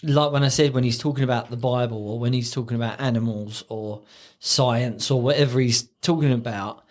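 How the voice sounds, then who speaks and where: A man co-hosting a casual podcast chat, telling stories animatedly and acting out quotes in a high voice. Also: steady tone, brisk. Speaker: podcast co-host.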